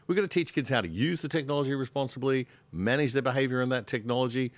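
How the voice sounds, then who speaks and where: A man on a discussion panel, speaking earnestly and growing heated, going quiet on grave points. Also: medium pitch, quick pace, no echo. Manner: earnest, heated, drops soft on sad points. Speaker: panel guest, show host.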